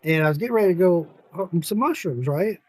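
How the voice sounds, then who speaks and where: A man hosting a casual podcast, telling stories in an animated way, swearing freely and laughing often. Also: sits high, fast talker. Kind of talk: casual chat.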